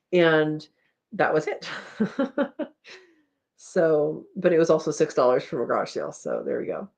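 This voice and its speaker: Chatty woman hosting a live chat. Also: deep voice. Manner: chatty, rambling, laughs often, reads comments aloud. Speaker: homesteading live chat host. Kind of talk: casual live chat reading viewer comments.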